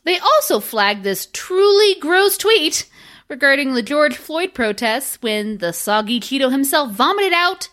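A woman co-hosting a podcast in casual chat, sarcastic and animated, often breaking into laughter. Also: sits high, measured pace. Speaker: podcast co-host.

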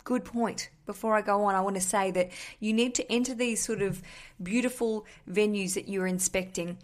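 A woman with an Australian accent hosts a podcast in a relaxed, storytelling monologue. She talks in a chatty, candid way and swears casually as she goes. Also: mid-range voice, normal speed. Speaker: podcast host.

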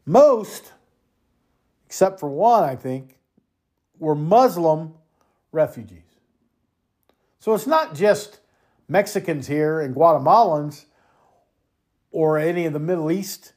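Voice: medium pitch, lively intonation, slow pace, long pauses, a little mellow. A podcast host from the United States delivering a heated political rant, angry and profane, often repeating and restarting words as they get worked up.

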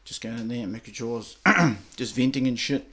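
A man's voice: fairly even intonation, moderate pace. A young man with a New Zealand accent telling a candid personal story in a blunt, slangy, heavily swearing way. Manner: blunt, heavy swearing, slangy, low-key. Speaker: interviewee.

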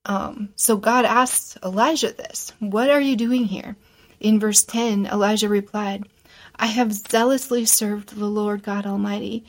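A woman's voice: fairly high pitch, rough recording. A woman teaching a Bible lesson, reading verses aloud and explaining them in an earnest, simple way.

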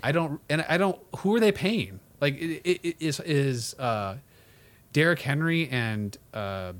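A man's voice: fairly high pitch, expressive. Sarcastic joking podcast man. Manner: sarcastic, joking, quick asides. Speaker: podcast co-host. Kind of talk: casual sports podcast banter.

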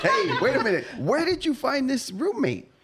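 A man's voice: very high-pitched, huge pitch swings, normal speed, over a noisy crowd. A man co-hosting a podcast, pressing the guest with questions and retelling his story back to him. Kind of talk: casual chat.

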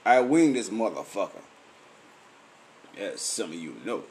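This podcast and Facebook live host has clearly been drinking, and his sing-song voice moves a little slowly. Hosting a late-night chat from his home, he rambles profanely and stays loose and rowdy, dropping to mumbles one moment and blaring out the next.

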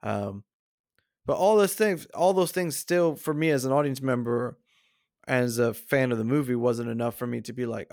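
A podcast co-host chats casually about movies, rambling with plenty of fillers and restarts and acting out movie quotes in shifting voices. His medium-pitched voice is a little mellow and moves at normal speed. The studio sound is clean, with no room sound.

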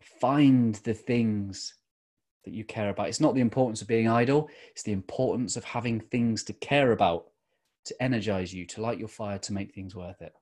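A middle-aged man giving an earnest motivational talk as a podcast host, slowing down to stress key phrases. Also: lowish voice, a little mellow.

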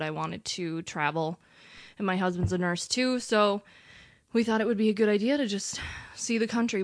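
A woman guest on a casual podcast, talking about her work as a traveling nurse. Her voice sits somewhat low, and she explains things plainly. The recording is dry and close. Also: dry recording. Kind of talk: casual interview answers.

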